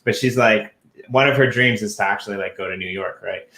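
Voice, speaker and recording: A man's voice: lowish voice, a little fast, pushed and bright, echoey room. A man co-hosting a podcast in casual chat, rambling with lots of fillers and restarts, his accent a mix from years of travel. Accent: mixed, traveled. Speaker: podcast co-host.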